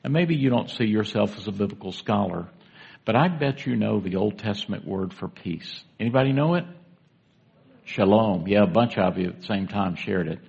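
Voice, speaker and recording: Man, pastor, sermon, gravelly, husky, conversational, asks the congregation questions, dull lo-fi church recording. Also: fairly low pitch, normal speed, a little mellow.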